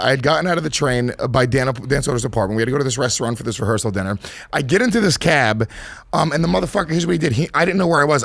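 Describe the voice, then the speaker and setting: A man's voice: on the high side, vocal fry, fairly bright tone, no echo. A man hosting a podcast in a studio, ranting through profane stories in casual banter. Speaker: podcast host. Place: radio studio.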